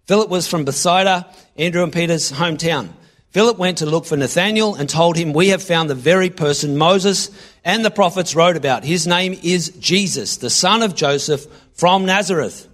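A man preaching a sermon, reading scripture aloud and acting out lines with sudden loud bursts. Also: fairly high pitch, normal speed. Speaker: pastor.

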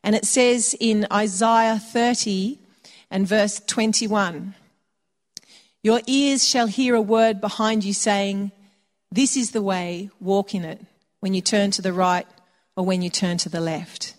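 A woman's voice: medium pitch, fairly even intonation, slow pace. A woman preaching a sermon in a conversational way, slipping into quoted voices for little asides. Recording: long hall reverb.

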